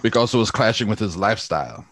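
A man's voice: lowish voice, expressive, fast talker, fairly bright tone. Curious man on a podcast. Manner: curious, asks follow-up questions. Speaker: podcast co-host. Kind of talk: casual chat.

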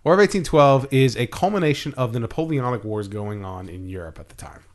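A man's voice: medium pitch, animated, fairly quick. A man co-hosting a podcast, explaining history in a loose, joking way with fillers and laughs. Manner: loose, jokey storytelling with frequent laughs and fillers. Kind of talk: casual comedic history chat.

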